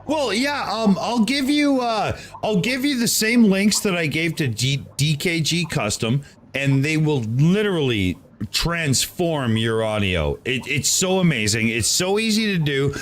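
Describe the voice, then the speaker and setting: A man's voice: fairly high pitch, very animated, measured pace, slight background noise. A man hosting a podcast in casual chat, talking animatedly and filling his talk with "right?" and "you know". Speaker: podcast host.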